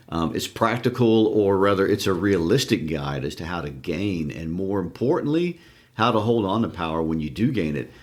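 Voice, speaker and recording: A man with a deep, low-pitched voice co-hosts a literature podcast. He explains ideas thoughtfully, pausing on fillers as he builds his points. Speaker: podcast co-host. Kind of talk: casual literary discussion.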